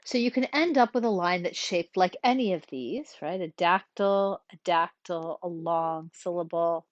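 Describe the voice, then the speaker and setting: Slow, methodical woman teaching Latin. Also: lowish voice, no echo, highs cut off. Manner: clear, methodical explanation, reads verse slowly. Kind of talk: recorded lecture.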